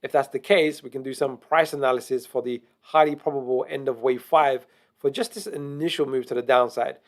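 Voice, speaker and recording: A man teaching trading chart analysis, explaining slowly and methodically to viewers. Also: medium pitch, steady tone. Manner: deliberately slow, methodical explaining. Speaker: trading educator. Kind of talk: screen-share chart analysis.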